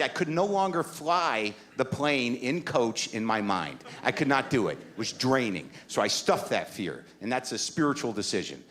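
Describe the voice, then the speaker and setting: A man's voice: a little high, fairly bright tone. A middle-aged man performing stand-up comedy, telling a story in a rambling, anxious and emphatic way. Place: comedy stage.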